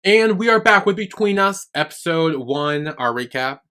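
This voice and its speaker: A man's voice: on the high side, lively intonation, normal speed, over music. A man co-hosting a podcast, recapping a show in a loose, rambling way with lots of fillers. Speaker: podcast co-host. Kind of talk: casual chat recapping a TV series.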